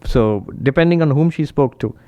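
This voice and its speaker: A man, a monk, giving a spiritual talk and telling stories with animated quoted voices. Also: moderate pace. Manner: animated storyteller, raises pitch when quoting, laughs often.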